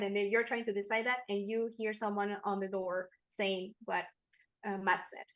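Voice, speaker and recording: A woman narrating as game master of a tabletop game, measured and acting out characters now and then. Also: medium pitch, level tone, highs cut off.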